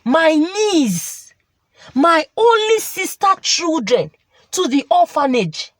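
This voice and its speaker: A woman voicing a bitter newlywed woman who scolds and whines in a high, shrill voice. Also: very animated, slow pace, no room sound, heavily acted. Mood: whining.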